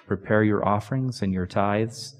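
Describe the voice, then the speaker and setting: A man delivers a sermon from a church pulpit, his voice sitting a little low. He reads scripture slowly and with drama, rising for emphasis and sinking to a soft hush near the end. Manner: slow, dramatic scripture reading, dropping to a hush at the close. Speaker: pastor. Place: church sanctuary.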